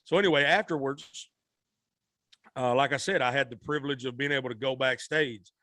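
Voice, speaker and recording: In studio-quality sound with no room ambience, a man who is a singer guesting on a podcast speaks fairly quickly in a mid-range voice. He recounts a story with animation, acting out the people he quotes.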